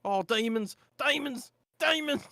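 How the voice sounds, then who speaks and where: A man voicing an excitable, boyish adventurer in a tabletop game, gasping out exclamations. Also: very high voice, unhurried, dry recording, clean studio sound, pitched above the performer's own voice, heavily acted. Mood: panicked.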